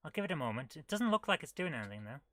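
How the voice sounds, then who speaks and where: A woman's voice: sits low, very animated, racing, a bit bright, dry recording. A woman streaming retro games, thinking aloud as she plays and reacting with amused disbelief. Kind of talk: casual live gameplay commentary.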